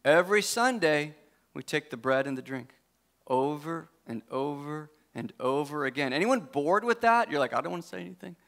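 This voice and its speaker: A pastor from the United States preaches a sermon conversationally, with joking asides and frequent self-corrections. His voice is a little high and fairly bright, with lively intonation and a normal pace.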